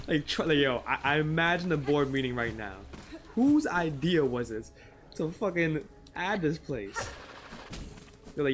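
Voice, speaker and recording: Young male streamer, lively swinging pitch, cursing gameplay rants over game music. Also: measured pace. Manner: swearing, exasperated ranting, swings from mutters to yelps. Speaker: streamer playing a video game. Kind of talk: live gameplay commentary.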